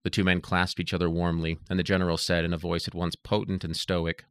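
A man narrating an audiobook in a steady, even reading voice. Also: sits low, fairly quick, clean tone, no room sound.

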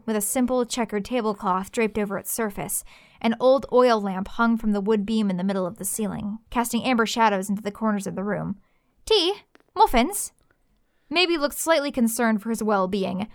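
A woman narrating a fantasy story in a lively, expressive reading. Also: mid-range voice, a little fast, dry recording, clean studio sound.

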